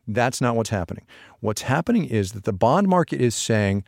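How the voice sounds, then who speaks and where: A man's voice: medium pitch, sing-song, moderate pace, no echo, studio quality. A middle-aged man co-hosting a podcast, patiently explaining economics in casual chat and answering his own questions.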